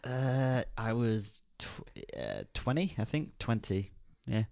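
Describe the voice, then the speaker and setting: A man's voice: mid-range voice, sing-song, takes it slowly, gravelly, a little mellow, no room sound, clean studio sound. A man in his thirties co-hosting a podcast, chatty and rambling, laughing often. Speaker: podcast co-host. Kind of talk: casual podcast chat.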